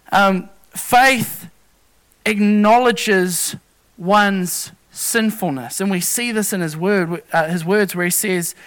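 Earnest, bright-voiced male preacher. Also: sits high. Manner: earnest, halting with restarts and self-corrections. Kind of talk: sermon.

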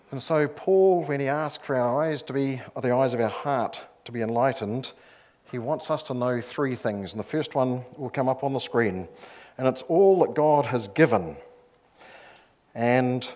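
A man's voice: mid-range voice, a little mellow. Conversational male preacher. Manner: conversational, with storytelling asides and emphatic repetition. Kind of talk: sermon.

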